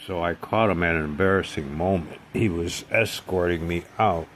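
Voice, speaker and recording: A man's voice: low-pitched, moderate pace, a bit bright, a little hiss or hum. A man telling a personal story in a casual monologue, rambling and digressive, with a sardonic sense of humor. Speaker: vlogger.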